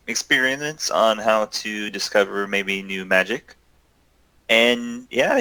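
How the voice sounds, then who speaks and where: A man's voice: lowish voice, pushed and bright, no room sound, low-quality recording. A man running a tabletop game as game master, describing scenes in a loose, joking way.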